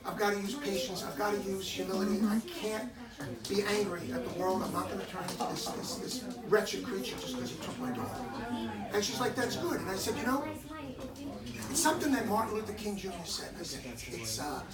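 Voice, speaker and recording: A man's voice: high voice, fairly quick, roomy sound, distant mic, rough recording. A man giving emotional remarks at a community gathering, telling a personal story and acting out the dialogue in it. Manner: animated, acts out quoted dialogue. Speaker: dog owner giving remarks. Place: hair salon gathering, indoors. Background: crowd of listeners.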